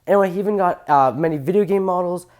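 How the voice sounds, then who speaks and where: An eager train enthusiast chatting through a casual fan video at a middling pitch. They ramble happily, trip over details and correct themselves mid-sentence. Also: quick pace, a little mellow. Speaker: train fan channel host.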